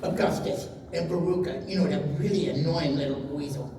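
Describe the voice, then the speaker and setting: A man's voice: a little high, brisk, very noisy, close to an everyday voice. A man playing a timid young boy. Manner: hesitant, stammering. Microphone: phone in the audience. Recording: echoey hall, phone from far off.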